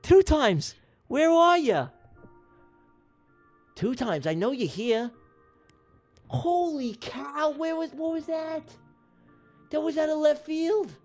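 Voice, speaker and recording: A man hosts a live stream, calling joke races in a mock sports-announcer voice. He swings from a low, deadpan serious register to loud, high shouts as the finish nears. Faint music plays under his voice. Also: takes it slowly, long pauses. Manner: excitable, jokey race-caller, shouting names. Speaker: livestream host running giveaway races.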